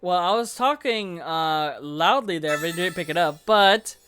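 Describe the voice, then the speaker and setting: Excitable giggly gaming host. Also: mid-range voice, measured pace, clear, resonant tone. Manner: excitable, giggly, self-interrupting. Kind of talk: casual gameplay commentary. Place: home room with a fan running.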